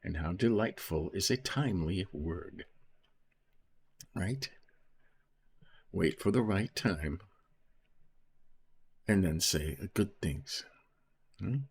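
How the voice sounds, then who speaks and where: A man with a low, husky voice goes slowly, with long pauses, yet stays animated while reading Bible verses and explaining them in a casual teaching way. He regularly asks "right?" and "okay?" during this informal Bible study commentary.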